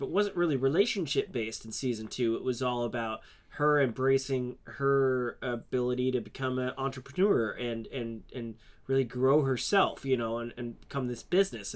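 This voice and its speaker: Man, podcast co-host, casual chat, halting speech, many fillers, mid pitch. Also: fairly bright tone.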